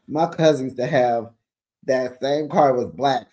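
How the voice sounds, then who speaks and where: A man's voice: mid-range voice, lively intonation, measured pace, darkish tone. A man hosting a reality TV recap, telling the gossip in a sassy, chatty way and calling his viewers honey, child and besties. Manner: calls listeners honey and child.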